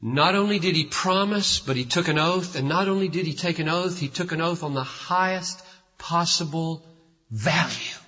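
A man preaching a sermon as pastor, emphatic, building to loud, slow declarations. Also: fairly high pitch, husky. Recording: lo-fi recording in a reverberant hall.

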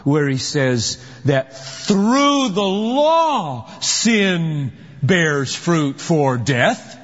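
A man preaching a sermon, emphatic, posing rhetorical questions and then answering them. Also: high-pitched. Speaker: pastor. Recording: dull lo-fi recording with long hall reverb.

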